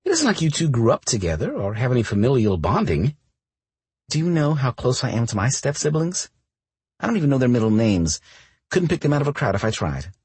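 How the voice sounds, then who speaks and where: A man's voice: medium pitch, big pitch swings, brisk, a little mellow, breathy edge, dry recording, pitched above the performer's own voice. A man voicing a bold, blunt young woman roommate who teases her friend, in a romance audiobook. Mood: teasing. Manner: brash, blunt, playful.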